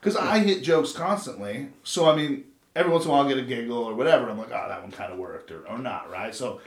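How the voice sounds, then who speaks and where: A man's voice: medium pitch, fast. A man in his thirties from Los Angeles, chatting casually as a podcast co-host and telling stories in a rambling, profane way. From Los Angeles, USA. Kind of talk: casual chat. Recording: roomy echo.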